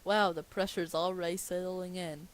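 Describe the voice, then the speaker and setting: A woman reading the lines of a friendly, dim-witted cartoon starfish in a slow, dopey manner. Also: lowish voice, fairly even intonation, slight background noise, close to an everyday voice.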